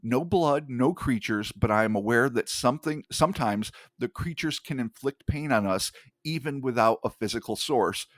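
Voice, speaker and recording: A male podcast host reading an account aloud in a hushed, measured way, with casual swearing in his asides. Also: mid-range voice, no room sound.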